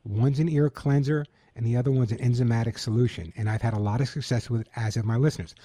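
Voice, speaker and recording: A middle-aged man with a Long Island New York accent, hosting a call-in radio show in an upbeat, lively way. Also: medium pitch, fast talker. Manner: upbeat, lively promotional delivery.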